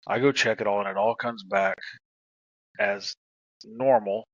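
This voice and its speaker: A man's voice: medium pitch, big pitch swings, unhurried, vocal fry, no room sound, dull audio. A middle-aged man and former police officer, casually telling stories on a podcast, laughing and swearing as he goes. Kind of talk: casual storytelling.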